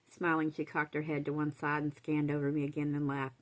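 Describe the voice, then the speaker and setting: Low-voiced woman reading a novel. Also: monotone, a little fast, hardly any pauses, poor audio. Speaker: audiobook reader. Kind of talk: first-person novel narration.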